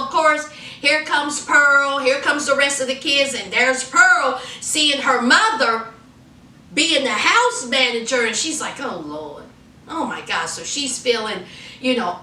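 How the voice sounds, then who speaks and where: A woman's voice: high voice, bright, forceful tone, roomy sound, distant mic, slight background noise, rough recording. A woman recapping a TV episode in a sassy, chatty way, calling her viewers honey and child. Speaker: TV episode reviewer. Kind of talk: casual TV recap.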